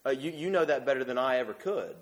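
A man's voice: medium pitch, expressive, fast. A man preaching a sermon in an earnest, emphatic way, often restarting his words.

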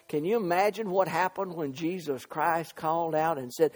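A man's voice: fairly high pitch, normal speed, few pauses. A man preaching a sermon, fervent and full of fillers and repeated words.

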